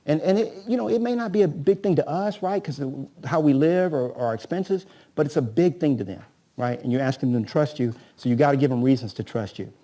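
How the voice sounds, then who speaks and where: Coaching man with a mellow, higher voice. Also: a little fast. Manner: rhetorical, keeps asking "right?"; acts out agent-seller dialogues. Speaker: real estate coach. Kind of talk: live seminar teaching.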